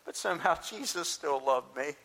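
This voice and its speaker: With vocal fry and lively intonation, a man whose voice sits on the high side and sounds fairly bright preaches as the apostle Peter at a moderate pace. In this first-person dramatic monologue he tells the impulsive, talkative fisherman's story with earnest, searching restarts.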